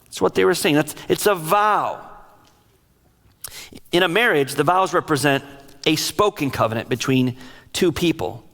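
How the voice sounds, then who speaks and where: A middle-aged man preaching a sermon as a pastor, telling stories in an emotional, animated way. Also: fairly high pitch, moderate pace, creaky, pauses often. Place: large church sanctuary. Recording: long reverb of a large hall.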